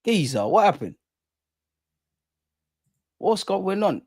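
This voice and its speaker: In a high, sing-song voice that is a little mellow and slightly rough, a young man from London slowly works through viewer comments on his livestream. His chat is relaxed and slangy, punctuated with laughter, and the audio is studio quality with no echo.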